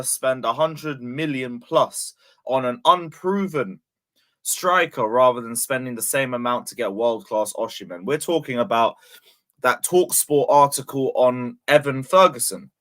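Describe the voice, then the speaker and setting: Exasperated football fan host, bright voice. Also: male voice, medium pitch. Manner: exasperated, sarcastic, swears often. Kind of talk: casual fan vlog rant.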